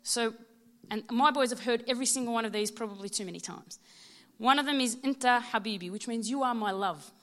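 A woman in her thirties with an Australian accent, giving a prepared personal testimony at church in a heartfelt, measured way. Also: a little high, a bit bright. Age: 30s.

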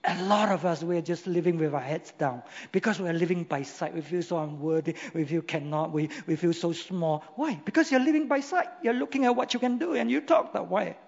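A man's voice: fairly high pitch, brisk, gravelly, hardly any pauses, a little mellow. A man preaching a sermon in a church, emphatic and full of rhetorical questions. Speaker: pastor. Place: church hall. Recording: long hall reverb, dull lo-fi sound.

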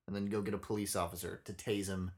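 In a deep voice and at a quick pace, a young man on a casual podcast he co-hosts tells an animated story, profane and blunt throughout.

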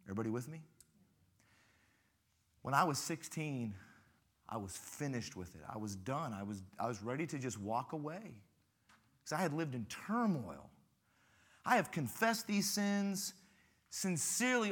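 A man's voice: fairly high pitch, normal speed, long pauses. A man preaching a sermon as a guest pastor, telling stories with humor and repeating phrases for emphasis. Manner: animated, humorous storytelling with emphatic repetition.

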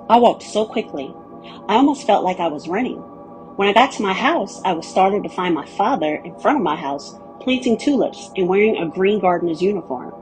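A woman's voice: medium pitch, a little mellow, slightly rough. A woman giving scripted first-person narration of a story, telling it in a candid, wry way.

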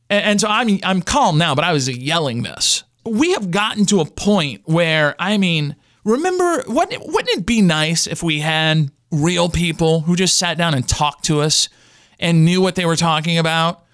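Man, smooth clear voice, higher pitch, animated comic rant, dry close sound. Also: normal speed, no room sound. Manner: animated ranting, jumps up in pitch when angry. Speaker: radio show host. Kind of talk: comedic rant monologue.

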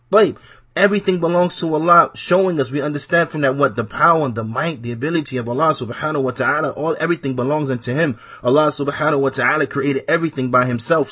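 A man's voice: mid-range voice, fairly bright tone, slightly rough. A man teaching a religious class in a mosque. He reads short Arabic passages, explains them in English, repeats key phrases, and asks himself "what?" before giving the answer.

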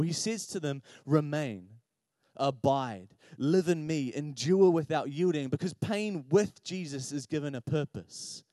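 A man's voice: on the high side, a little mellow, no echo, studio quality. Impassioned man preaching a sermon. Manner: passionate, rising to impassioned pleading; personal and confessional, addresses listeners directly. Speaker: pastor.

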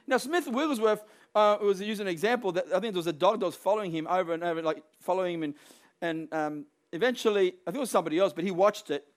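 A man preaching a sermon, emphatic and building to forceful peaks, acting out quoted voices along the way. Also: high-pitched, fast talker.

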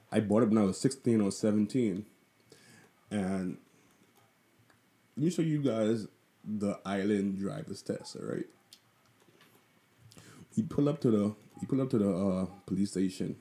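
A man's voice: fairly low pitch, mellow. A young Bahamian man with a Bahamian accent, telling a story in a casual, profane, rambling way, full of asides. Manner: profane, loose and conversational, with lots of asides. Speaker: vlogger.

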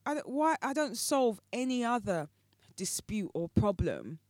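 A woman's voice: a little high, big pitch swings, a little slow, a little mellow, no echo. A woman co-hosting a casual podcast chat, thoughtful, often restarting her sentences and backing the other speaker up. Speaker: podcast co-host.

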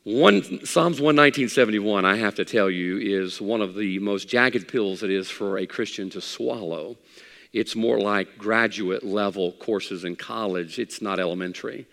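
A male pastor preaching a sermon, swinging between loud, high exhortation and quiet, low asides to his congregation. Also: normal speed, gravelly, big-room sound.

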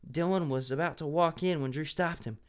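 Man reading a story aloud, playful, fairly high voice, smooth clear tone. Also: brisk. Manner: playful, laughing at the text. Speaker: story reader.

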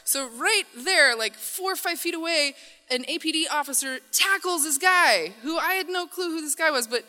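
A woman performs a comic personal story for an audience on stage, lively and mocking herself while voicing the characters. She's high-pitched and speaks at normal speed, with hall reverb in the recording.

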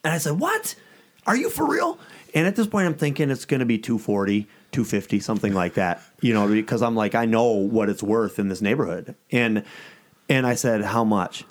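A man's voice: lowish voice, brisk. A middle-aged man, an ice cream shop owner, telling a story casually in conversation and acting out the quoted dialogue in a raised voice.

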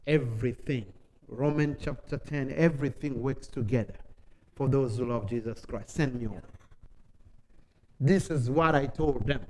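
A man preaching a testimony in broken English, telling his story with animation and dropping from quiet, low passages into loud, excited ones. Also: poor audio. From Africa. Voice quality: non-native English, broken grammar. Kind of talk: sermon testimony.

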